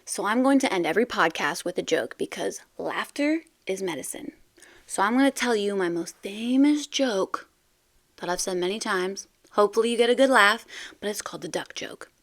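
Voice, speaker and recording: A woman hosting a podcast, talking in an upbeat, encouraging way and telling a joke as an animated storyteller. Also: medium pitch, normal speed. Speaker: podcast host.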